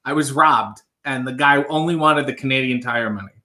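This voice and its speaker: A man's voice: mid-range voice, normal speed, bright, forceful tone. A man in his thirties hosting a live stream, reading out viewer comments with a dry, offhand humor.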